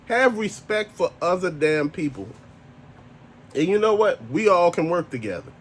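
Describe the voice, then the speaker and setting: A man vents to the camera in a blunt, profane and exasperated rant. His voice sits high and swings widely up and down. A faint hiss of background noise runs under him. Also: expressive, normal speed. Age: adult, married. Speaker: toy collector vlogger. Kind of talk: casual ranting monologue.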